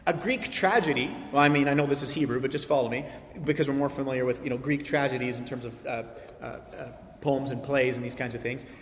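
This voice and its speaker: A man preaching a sermon as pastor, animated, swinging from loud emphasis to quiet asides. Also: mid-range voice, fast talker, slight background noise. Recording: roomy hall reverb.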